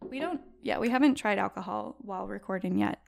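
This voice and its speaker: A woman's voice: medium pitch, a little fast, gravelly, a little hiss or hum. A woman co-hosting a podcast, playful and giggly, eagerly playing along with a story. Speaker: podcast co-host. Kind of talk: casual chat.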